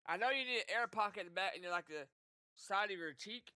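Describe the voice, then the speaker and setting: A young man chats while streaming a game, loose and profane, breaking into laughs as he talks. His voice sits high for a man and bright, swinging widely in pitch. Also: expressive, a little fast, smooth, no echo. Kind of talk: casual gameplay commentary.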